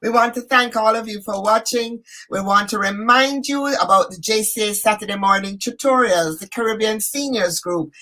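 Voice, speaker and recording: A woman's voice: medium pitch, moderate pace, few pauses, pushed and bright, low-quality recording. A woman hosting an online community event, giving upbeat closing announcements. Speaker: event host.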